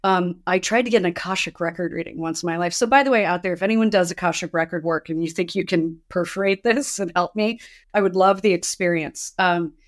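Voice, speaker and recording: A woman's voice: fairly low pitch, brisk. A woman hosting a podcast interview, telling personal stories in a chatty way and acting out the exchanges she recounts. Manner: chatty storyteller, acts out quoted exchanges. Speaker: podcast host. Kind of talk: casual conversational interview.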